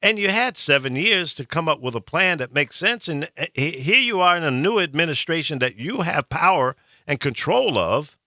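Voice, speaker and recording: A man's voice: medium pitch, big pitch swings, moderate pace, pushed and bright, dry recording, clean studio sound. A middle-aged man from the American South hosting a call-in talk show, ranting animatedly and preachily. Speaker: host.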